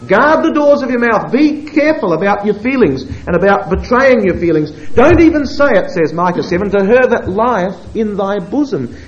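A man preaching a sermon, moving between quiet asides and emphatic, drawn-out scripture quotations. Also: high voice, highs cut off. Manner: expressive, swings between hushed asides and emphatic quoting.

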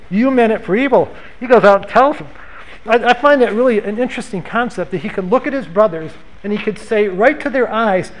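A man's voice: high voice, poor audio. A man preaching a sermon as pastor, in an earnest, conversational way with rhetorical questions.

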